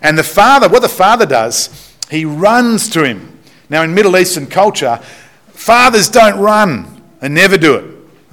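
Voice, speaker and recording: A man preaching a sermon in church, animated and storytelling, often restarting his words. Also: a little high. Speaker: pastor.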